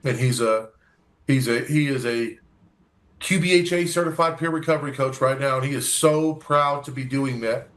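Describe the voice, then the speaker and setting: A man's voice: medium pitch, normal speed, fairly bright tone. A man, a guest from a recovery organization, telling an earnest story in an interview, acting out dialogue and often restarting his sentences.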